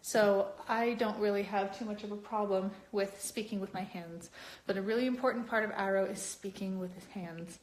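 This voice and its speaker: A young adult woman chatting casually on a live stream, talking with viewers in an animated, lively way. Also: moderate pace. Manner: chatty and animated, with many upward pitch jumps. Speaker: cosplayer hosting a live stream.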